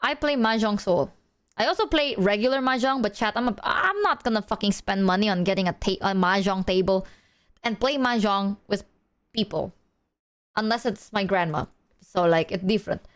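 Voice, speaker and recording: A woman streamer chatting casually to her audience, telling stories in an animated way and swearing often. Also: mid-range voice, moderate pace. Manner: animated storytelling, heavy swearing. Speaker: live streamer.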